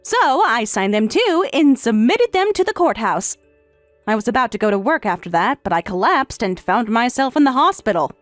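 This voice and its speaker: A woman voicing a calm, sarcastic wife in a text-message story, speaking in a matter-of-fact way. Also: a little high, moderate pace, no echo, faint music behind. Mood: cool, sarcastic. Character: calm, sarcastic wife who has left her husband.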